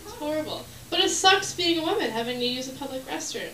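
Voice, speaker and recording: A woman performing a stand-up comedy set, animated, working the crowd and acting out bits. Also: sits high, quick pace. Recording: echoey room from far off, noisy.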